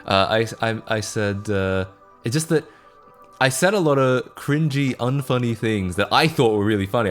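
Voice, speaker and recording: A man's voice: medium pitch, animated, moderate pace, faint music behind. A young Australian man with an Australian accent, chatting casually on a live stream, self-mocking and laughing often as he answers chat.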